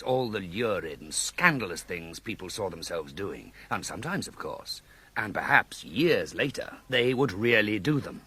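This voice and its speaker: A man's voice: fairly low pitch, sharp tone, slightly rough, heavily acted. An actor playing a dry, skeptical male police inspector in a radio drama. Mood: musing.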